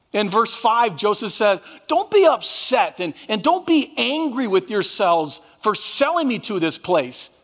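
A man's voice: high-pitched, fairly bright tone, in a large hall. A man preaching a sermon as pastor, drawing the congregation into call and response. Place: church sanctuary.

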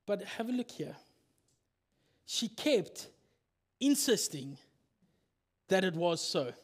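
Slow-speaking, high-voiced male pastor. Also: husky. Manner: animated storytelling, acts out scenes. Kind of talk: sermon.

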